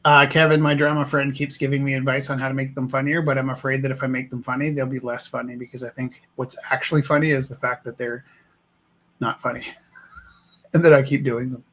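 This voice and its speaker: A man's voice: medium pitch, flat delivery, fairly quick, a bit bright. A man chatting casually while making art on a live stream, musing aloud and poking fun at himself. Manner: musing, rambling, self-deprecating.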